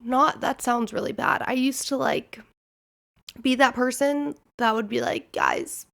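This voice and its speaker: A woman from Nebraska with a Midwestern American accent hosts a podcast, telling candid, rambling stories in casual chat and saying "like" often. Her high-pitched voice is fairly bright and creaky, with fairly even intonation and an unhurried pace.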